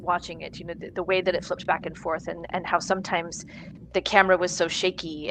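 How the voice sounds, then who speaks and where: A woman's voice: on the low side, fairly bright tone, a little hiss or hum, rough recording. A woman co-hosting a podcast, chatting casually as she recaps a TV episode and acts out the characters' lines. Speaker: podcast co-host.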